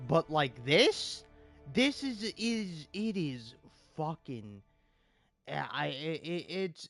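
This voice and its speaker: A man rants in exasperation about a video game, cursing and repeating words over and over. His pitch sits a bit high and leaps wildly between outbursts and mutters. He drags his words out slowly. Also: sing-song, a bit bright, faint music behind. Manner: profane, repetitive, exasperated ranting. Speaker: gaming video creator. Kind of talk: angry gaming rant.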